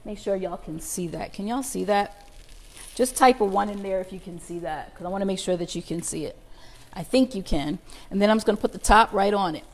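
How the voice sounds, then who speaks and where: A woman's voice: medium pitch, fairly quick. A middle-aged woman, hosting a live cooking stream from her home kitchen and chatting with viewers. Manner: chatty, addresses viewers as y'all. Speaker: cooking show host. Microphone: connected microphone, moving around the house.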